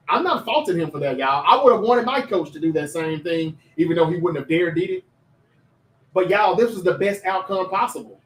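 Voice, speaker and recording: A man hosting a casual sports talk livestream, chatty and animated, reading viewer comments aloud and talking straight to his chat. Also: high-pitched, echoey room, distant mic, low-quality recording.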